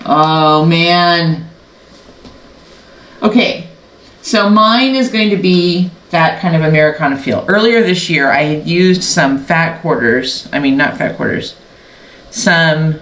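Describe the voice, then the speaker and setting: Speaking slowly in a deep, fairly bright voice, this quilting channel host keeps up a chatty, rambling sew-along, frequently interrupting herself partway through a thought. Her room echoes, and there's faint noise in the background.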